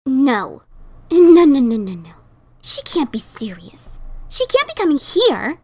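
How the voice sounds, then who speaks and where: A woman's voice: high voice, wildly swooping pitch, measured pace, no room sound, heavily acted. A woman voicing a flustered young pegasus mare who repeats herself in panic. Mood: panicked. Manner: panicky repeating, breaking to a whisper.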